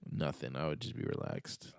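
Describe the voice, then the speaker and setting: A man's voice: moderate pace, dry recording, studio quality. A young man chatting casually on a podcast, laid-back and slangy, rambling with lots of fillers. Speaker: podcast guest.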